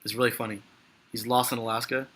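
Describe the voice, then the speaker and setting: A man's voice: medium pitch, flat delivery, quick pace, a bit bright. A man giving live stock market commentary in a rambling, frustrated, joking way.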